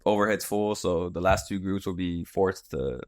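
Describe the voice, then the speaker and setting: A young man hosting a podcast, telling a story in casual chat, animated and swearing, acting out what people said. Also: low voice, moderate pace. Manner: animated, swearing, acts out quotes. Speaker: podcast host.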